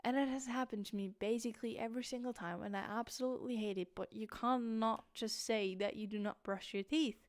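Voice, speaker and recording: A sleepy young woman rambles through a late-night livestream in British-tinged English, stopping and restarting her sentences. Her voice is smooth and clear. The sound is dry and close, with no room echo. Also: fairly high pitch, fairly even intonation, a little fast, hardly any pauses. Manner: rambling, restarts, many fillers. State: sleepy, tired. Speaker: streamer.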